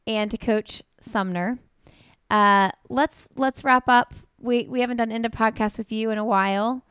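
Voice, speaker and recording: Female podcast host, smooth clear voice, dry close sound, chatty and affirming. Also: fairly high pitch, steady tone, unhurried, a bit bright, dry recording. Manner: conversational, affirming. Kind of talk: casual interview chat.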